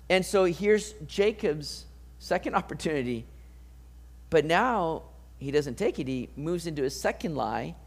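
Animated man preaching, slightly high voice. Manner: animated, acts out voices of the people in the story. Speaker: pastor. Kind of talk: sermon with scripture reading.

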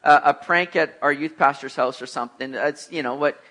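A middle-aged man preaching a sermon, telling lively personal stories and acting out the voices of the people in them. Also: fairly high pitch, moderate pace. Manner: animated storyteller, acts out voices, laughs at himself. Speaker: pastor.

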